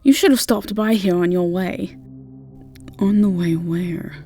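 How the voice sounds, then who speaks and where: An actress playing an eager, chatty innkeeper in an audio role-play drama. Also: female voice, on the low side, measured pace, dark tone, faint music behind, lightly acted.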